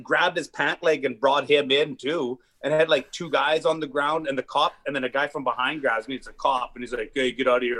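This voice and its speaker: A man in casual podcast chat, telling long rambling stories with lots of swearing and fillers. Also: medium pitch. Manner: rambling, profane, animated storytelling.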